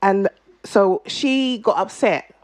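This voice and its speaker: A woman, co-hosting a podcast, telling a story in lively, animated casual chat. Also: mid-range voice, slow pace. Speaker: podcast co-host.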